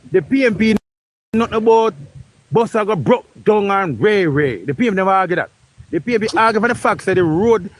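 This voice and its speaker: Jamaican guy, high voice, keeps pushing his point in a heated debate. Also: no echo. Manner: insistent, repeats himself to hold the floor. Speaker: political debater.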